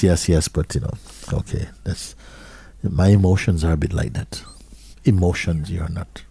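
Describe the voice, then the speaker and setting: A man as a spiritual teacher giving a slow, questioning talk to an audience, repeating short phrases and sometimes dropping almost to a whisper. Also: low voice, vocal fry, warm tone, slightly rough.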